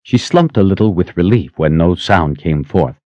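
Man, audiobook narrator, very deep voice, lively expressive reading, dry slightly muffled recording. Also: moderate pace, no room sound. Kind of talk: scripted fantasy narration.

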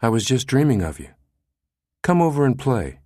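A man's voice: medium pitch, sing-song, normal speed, darkish tone, no echo, clean studio sound, pitched above the performer's own voice. A man voicing a young woman in an audiobook, affectionate and anxious about her fiancé. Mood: pleading.

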